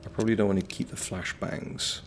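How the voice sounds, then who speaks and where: A man and voice actor giving live-stream gameplay commentary, swearing freely as he yells at the game and chats with viewers. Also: lowish voice, brisk, a little hiss or hum. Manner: animated, swears freely, talks to the game and to chat.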